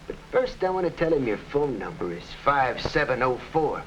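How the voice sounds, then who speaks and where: An actor playing a ruthless, scheming hired killer in an early TV crime drama, talking tough gangster slang. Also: male voice, mid-range voice, big pitch swings, moderate pace. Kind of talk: 1950s TV crime drama acting. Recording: dull old TV soundtrack with faint hiss.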